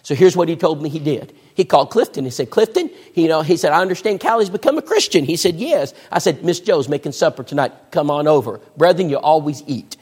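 A man's voice: fairly high pitch, fast talker, hardly any pauses, slightly rough. A man preaching a sermon, telling a story and acting out the voices of the people in it. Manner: animated, acts out voices in the story. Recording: echoey hall.

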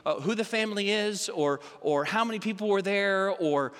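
Male pastor, high voice, halting sermon delivery with many fillers, long church reverb. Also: a bit bright. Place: church sanctuary.

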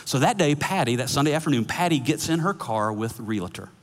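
Animated male pastor preaching in a reverberant hall. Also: medium pitch, a little fast. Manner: animated storyteller, acts out dialogue with laughs. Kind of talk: sermon storytelling. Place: church sanctuary.

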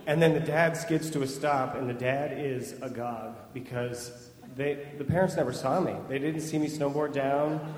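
A man recounts a personal story with lively energy, laughing often and painting vivid detail. His voice sits at an average pitch, set in a roomy, echoey hall with a long reverb tail. A faint ambient hum hangs underneath. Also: moderate pace. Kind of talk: personal story told to an audience.

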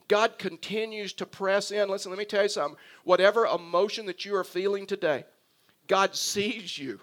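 Earnest preaching man, fairly high voice. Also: normal speed, a bit bright. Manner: earnest, repetitive preaching with direct address. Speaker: pastor. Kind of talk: sermon.

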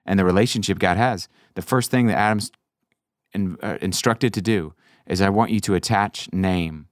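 Low-voiced man telling Bible stories. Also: normal speed, no echo, studio quality. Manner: animated storyteller, acts out quotes in high voices. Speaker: podcast host. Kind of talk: casual chat about faith.

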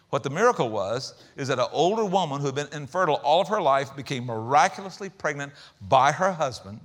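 Lively pastor preaching casually. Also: male voice, a little high, big-room sound. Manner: conversational and humorous, with quick asides and repetitions. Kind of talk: sermon.

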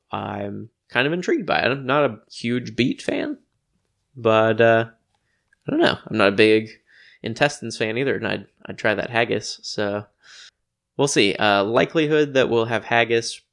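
A man co-hosting a casual chat, laid-back and joking, musing slowly. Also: fairly low pitch, creaky, fairly bright tone. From United States. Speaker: podcast co-host.

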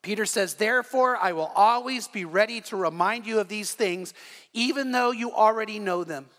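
A man's voice: high-pitched, moderate pace, fairly bright tone, in a large hall. A man preaching a sermon as the pastor, telling stories earnestly and often restarting his phrases. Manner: earnest storytelling with frequent repeated starts.

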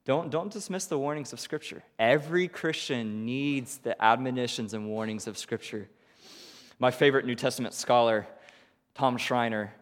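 Animated male pastor preaching in a hall. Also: medium pitch. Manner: animated, questioning, with quick rhetorical asides. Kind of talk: sermon.

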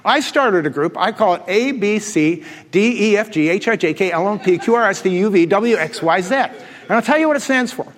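A pastor with a high, lively voice delivers a fairly quick sermon to his congregation, weaving jokes and laughter into his stories. His words ring through a large church hall with a long reverb tail.

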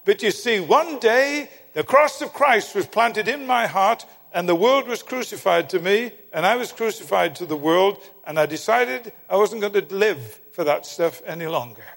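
Older male preacher, slightly raised pitch, husky, earnest storyteller; long hall reverb. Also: expressive, moderate pace, few pauses. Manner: earnest, drops to a hushed tone for dramatic moments. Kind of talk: sermon storytelling.

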